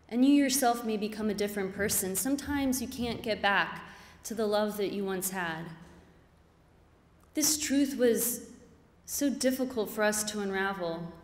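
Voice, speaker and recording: A woman giving an earnest, reflective personal story on stage before a live audience. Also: on the high side. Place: stage in a hall. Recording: reverberant hall.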